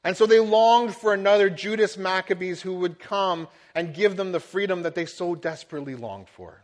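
Pastor, male, middle-aged, high-pitched, earnest sermon delivery. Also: normal speed.

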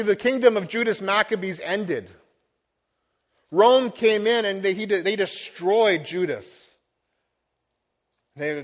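A middle-aged man preaching a sermon as a pastor, earnest and building to emphatic swells. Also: sits high.

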